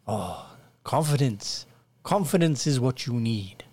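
Man putting on a high, eager peasant villager. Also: animated, takes it slowly, a little mellow, no room sound. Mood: welcoming. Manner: old-fashioned courtly, repeats himself, refers to himself by name. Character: simple-minded male peasant villager, glitchy game character.

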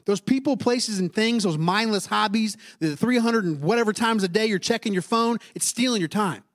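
A man preaches in a relaxed, conversational way colouring his words. He sits in his thirties, with a voice pitched slightly higher than most men's. He keeps turning to the congregation with questions as he talks. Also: moderate pace. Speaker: pastor. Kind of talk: sermon.

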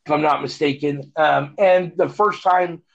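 Gravelly man rambling casually. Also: fairly high pitch, fairly even intonation, a little slow. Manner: rambling, hesitant, many fillers and restarts. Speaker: podcast co-host. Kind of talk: casual chat. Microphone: phone. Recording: dull lo-fi phone audio.

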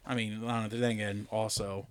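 A man's voice: lowish voice, level tone, brisk, smooth. A man on a podcast with friends, joking crudely, rambling and laughing often. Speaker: podcast co-host. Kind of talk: crude casual banter.

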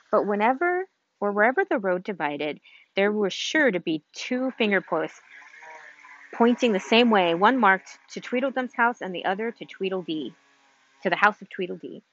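A woman's voice: mid-range voice, lively intonation, normal speed, fairly bright tone, dull audio, a little hiss or hum. A woman reading a children's book aloud from a street, informal, with restarts and asides. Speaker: reader.

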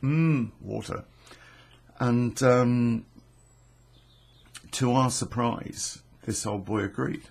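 A man's voice: mid-range voice, very slow, vocal fry, long pauses, a little mellow, husky. A middle-aged man, telling a rambling true story casually, swearing freely and stopping often on fillers and restarts.

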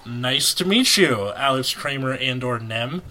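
A man hosting a podcast in casual chat, joking and animated as he talks. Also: medium pitch, unhurried. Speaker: podcast host. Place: indoor room.

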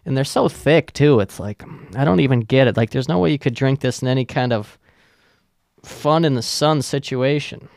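Male podcast host, creaky voice, dry close sound, sarcastic rambling rant. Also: mid-range voice, normal speed, a little mellow, no room sound. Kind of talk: casual comedic monologue.

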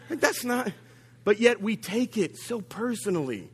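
A male pastor preaching a sermon, telling humorous stories with sudden jumps in pitch and loudness and calling out to the congregation. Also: normal speed, breathy edge. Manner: humorous, animated storytelling with big swings of pitch and volume; addresses the congregation directly with call-outs.

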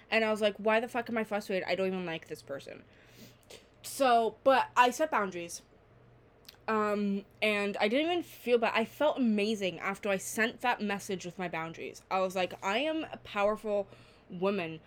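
A nineteen-year-old woman hosting her own podcast, chatting alone in a rambling, candid way and swearing freely. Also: medium pitch. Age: late teens. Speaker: podcast host. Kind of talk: casual solo podcast chat.

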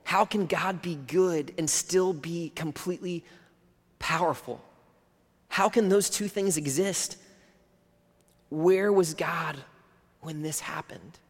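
A man preaching a sermon in an earnest, conversational way, his voice sitting a little higher than most men's. He sometimes sinks almost to a whisper. A long reverb from a big hall trails after his words. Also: takes it slowly, long pauses, husky. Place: church hall.

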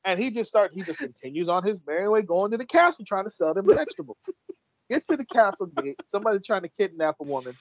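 A man's voice: high voice, very animated, quick pace, no echo. A man co-hosting a casual chat, eagerly recapping a story, swearing freely and acting out the characters' lines. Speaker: podcast co-host recapping an episode. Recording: dull lo-fi dry sound.

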